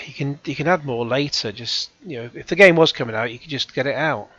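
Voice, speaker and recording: A man talks over a clip in a sarcastic, scornful way, swearing freely. His voice is mid-pitched and sits close to the mic in a dry room. The sound is a touch dull. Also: fairly quick, a bit bright, no room sound. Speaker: reaction video host.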